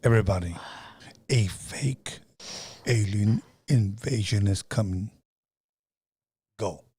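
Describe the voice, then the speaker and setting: A man voicing a grave, deep-voiced movie announcer, speaking slowly with a husky, dramatic delivery. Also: expressive, darkish tone, no echo. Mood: ominous.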